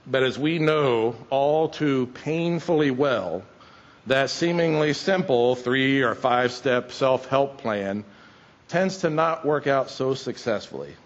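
A man preaching a sermon in a conversational, folksy, wry way. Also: on the high side. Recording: dull lo-fi sound.

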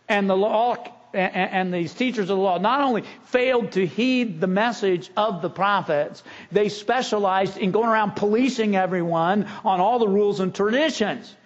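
Earnest, high-voiced preacher. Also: male voice, dull audio. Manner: earnest, conversational preaching with restarts. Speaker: pastor. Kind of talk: sermon.

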